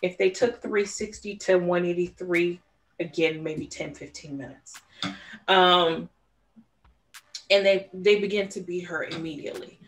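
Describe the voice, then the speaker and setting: Lowish-voiced woman recounting a case. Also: a little slow, a little hiss or hum. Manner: storytelling, animated recounting with quoted voices. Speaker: podcast co-host. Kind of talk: casual true-crime podcast chat.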